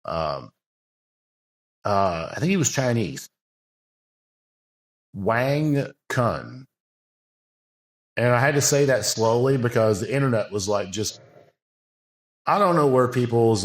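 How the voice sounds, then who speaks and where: A man's voice: on the low side, expressive, normal speed. A man, a bodybuilding coach, talking earnestly in a casual podcast conversation, with long loose run-on sentences and many fillers.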